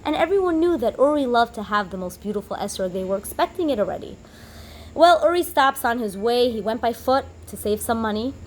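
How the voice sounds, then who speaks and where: Woman teacher storytelling to kids, kinda high voice, faint noise in the back. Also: low-quality recording. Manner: animated storyteller, acts out characters' lines. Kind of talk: storytelling lesson for children.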